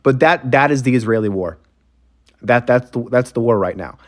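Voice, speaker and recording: A man's voice: mid-range voice, animated, moderate pace. Sarcastic man ranting on camera. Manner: sarcastic, profane, mocking impressions. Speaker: commentator. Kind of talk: opinionated monologue.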